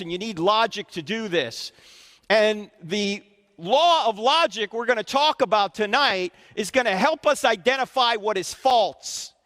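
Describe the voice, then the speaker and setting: In a university auditorium with a reverberant sound, a high-pitched Christian apologetics speaker lectures live to students. He's animated and keeps quizzing the audience with questions.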